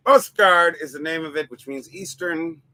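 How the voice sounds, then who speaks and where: A man's voice: a little high, normal speed, bright, forceful tone, no echo. A man from New York City hosting a casual drinking chat outdoors, playfully singing a folk song with guitar. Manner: playful, sings in a mock old-timey folk voice. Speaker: host and folk singer. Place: outdoors by a tent.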